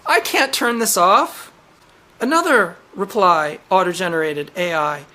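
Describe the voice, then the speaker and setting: A woman hosting her own channel. She rants with exasperation, reads quoted text out flatly, and breaks into incredulous, swearing outbursts. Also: fairly low pitch, unhurried. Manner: reads out quotes flatly, then reacts sharply. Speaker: channel host. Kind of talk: ranting vlog commentary.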